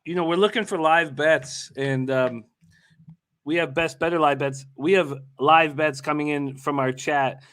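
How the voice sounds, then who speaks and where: A young man co-hosts a sports betting watch party, chatting loosely with constant fillers and restarts. His voice sits a little high. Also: measured pace, fairly bright tone. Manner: rambling, frequent fillers and restarts. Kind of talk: casual chat.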